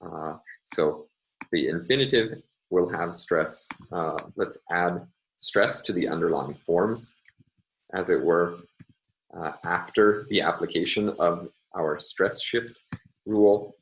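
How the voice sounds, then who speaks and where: Low-voiced man giving a hesitant lecture. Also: a bit bright, rough recording. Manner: hesitant, many fillers, deliberate explaining. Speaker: linguistics lecturer. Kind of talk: recorded lecture with worked examples.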